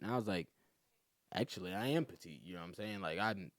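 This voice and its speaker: A man's voice: lowish voice, fast talker, dry recording, studio quality. A man, a comedian guest on a podcast, telling a story in casual talk, acting out what other people said and laughing often. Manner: animated, acts out other people's lines, laughs a lot.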